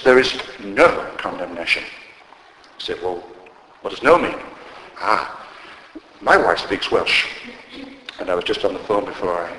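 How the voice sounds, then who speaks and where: A man preaching a sermon, emphatic and storytelling, swinging between loud declarations and quiet asides. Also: fairly low pitch, a little hiss or hum. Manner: storytelling, conversational humour. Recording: roomy hall with long reverb.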